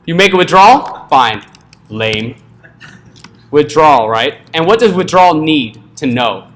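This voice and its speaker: A man's voice: on the high side, big pitch swings, a little slow, a bit bright. A man teaching a live coding class in a casual, joking way, often checking in with the room. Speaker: coding instructor.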